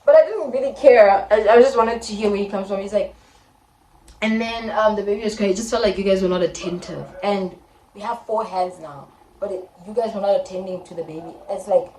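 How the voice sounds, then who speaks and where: A woman's voice: mid-range voice, brisk, dark tone, far from the mic. A young South African woman in her twenties, telling a story in a casual vlog and retelling it dramatically with quoted voices. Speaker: vlogger. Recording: echoey room, faint background noise.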